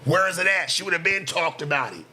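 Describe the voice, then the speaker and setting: A man in his thirties hosts a late night talk show, his voice a little high, quick and sharp-toned as he rants animatedly. He's casual, boastful and defensive, packing his profane talk with heavy slang and swearing.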